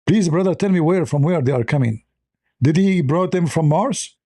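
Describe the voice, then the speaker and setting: A man's voice: a little high, normal speed, warm tone. Sarcastic man ranting on a show. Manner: sarcastic, blunt, broken grammar. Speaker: host. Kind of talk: mocking live commentary.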